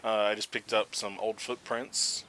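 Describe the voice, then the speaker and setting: Male gaming host, low and bright-toned, easygoing commentary explaining the game. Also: a little slow, a little hiss or hum, low-quality recording. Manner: relaxed, chatty, explains game mechanics as he plays. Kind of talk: casual gameplay commentary.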